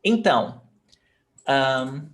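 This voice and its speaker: Language teacher, online class, slow, patient, repeats words, medium pitch. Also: lively intonation. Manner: patient, repeats and sounds out words, switches between English and Portuguese. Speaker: Portuguese teacher.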